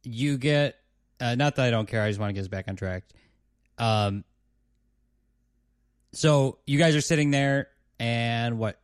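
A man narrating a tabletop game as game master, halting with fillers. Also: medium pitch, clean tone, dry recording, studio quality.

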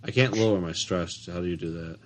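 A man playing a tabletop game who asks rule questions softly and hesitantly. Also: low-pitched, a little fast. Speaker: player. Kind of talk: casual tabletop play.

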